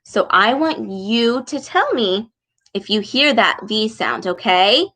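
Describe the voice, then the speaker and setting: A young woman teaches children speech sounds in an animated way. She talks slowly, stretching key words, and her voice sits a little high. She gasps with delight at each sound she points out. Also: low-quality recording. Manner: animated, exaggerated sounds, frequent gasps, slow deliberate words. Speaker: speech therapist reading with children. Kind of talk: children's speech lesson over video.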